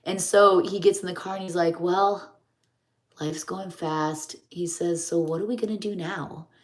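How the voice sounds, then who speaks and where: A woman's voice: fairly low pitch, fairly even intonation, fairly quick. A middle-aged woman chats in a rambling, homey way while doing her makeup on a live stream. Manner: rambling, homey, chatty storytelling.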